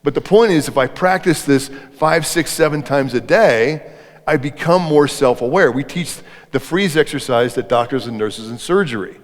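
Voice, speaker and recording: A middle-aged man speaks to an audience in an event hall, relaxed and conversational, often turning to ask the room questions. His voice sits at a middle pitch. Long reverb from the hall trails each phrase. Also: normal speed. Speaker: speaker on leadership. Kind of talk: interactive live talk to an audience.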